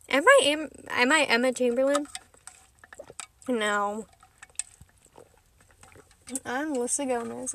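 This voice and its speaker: A woman's voice: high voice, bright, forceful tone, slight background noise. A woman hosting a casual vlog from inside her car, rambling and chatty with frequent giggles and self-mocking asides. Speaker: vlogger host.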